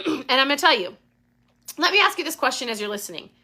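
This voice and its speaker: A woman's voice: high voice, sing-song, fast, bright, forceful tone. A woman hosting a casual live Q&A, talking with intensity and getting worked up. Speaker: host.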